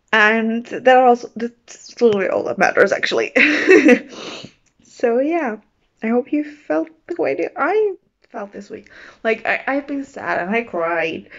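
A woman's voice: mid-range voice, muffled recording. Bubbly, rambling woman book vlogger. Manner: bubbly and excitable, gushing; rambling with restarts and giggles. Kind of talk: casual vlog chat.

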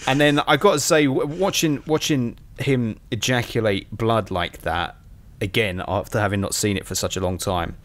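A man with a British accent, co-hosting a casual film review podcast, talking in an animated way with lots of swearing and restarts. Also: on the low side, normal speed. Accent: British English. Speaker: podcast co-host.

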